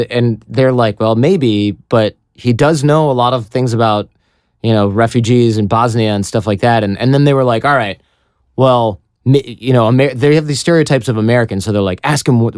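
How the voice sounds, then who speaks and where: A man as a podcast guest, telling a story in a casual, animated way and acting out what others said. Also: medium pitch, clear, resonant tone, no echo, clean studio sound. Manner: animated storyteller who acts out quoted voices.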